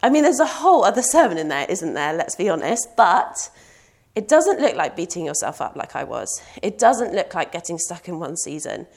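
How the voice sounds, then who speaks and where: A woman's voice: on the low side, sing-song, normal speed, a little mellow. A young woman preaching a sermon in an earnest, personal way, asking rhetorical questions.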